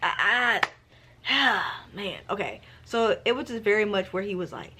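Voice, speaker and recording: A woman vlogging about her reading, talking in an animated, sassy, slang-filled way as she reviews a book. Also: mid-range voice, measured pace, a little hiss or hum. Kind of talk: casual book review chat.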